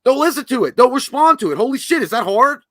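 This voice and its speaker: Man, co-host, crude blunt rants, bright tense tone, dry sound. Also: very high voice, sing-song, fast, dry recording. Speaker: podcast co-host. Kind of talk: casual profane chat.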